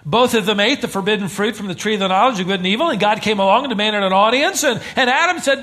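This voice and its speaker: A man's voice: high-pitched, fast, few pauses. A man preaching a sermon to a church congregation, telling stories with humor. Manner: animated storytelling with humor. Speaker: pastor.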